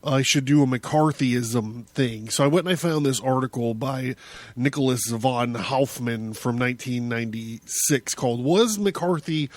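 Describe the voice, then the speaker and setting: A man's voice: mid-range voice, no echo. A man hosting his own podcast, talking through a casual solo monologue in a rambling way, with many restarts and chuckles. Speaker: podcast host.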